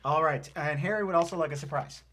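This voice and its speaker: A man's voice: fairly high pitch, fast talker, background noise. A man hosting a casual live show, chatting and reading viewer messages aloud. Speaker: show host. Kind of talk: casual live-stream chat.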